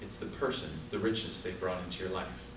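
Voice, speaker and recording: Speaking quickly and a little brightly, a man with a low, fairly even voice delivers a prepared humorous speech at a speaking club, spinning a story full of comic asides. He's in the club's meeting room, recorded from a distance in an echoey space with slight background noise.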